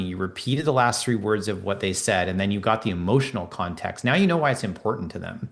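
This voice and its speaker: Middle-aged man, low voice, acting out dialogue. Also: fast, gravelly, few pauses. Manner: explanatory, acts out quoted dialogue in lively voices. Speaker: guest, leadership coach. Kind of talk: podcast interview.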